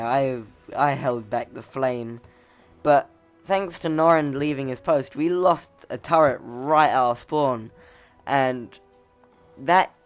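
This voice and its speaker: A man casually commenting over his gameplay, rambling, laughing at himself, his voice cracking now and then. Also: mid-range voice. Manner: rambling, chuckling, self-mocking.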